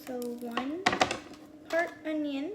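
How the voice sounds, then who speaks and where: Slow, chatty woman in an echoey kitchen. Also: high-pitched. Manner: chatty, talks to viewers, counts items aloud. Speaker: meal prep livestream host. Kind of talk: casual livestream demo. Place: home kitchen. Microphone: earpiece mic. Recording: echoey room with loud background noise.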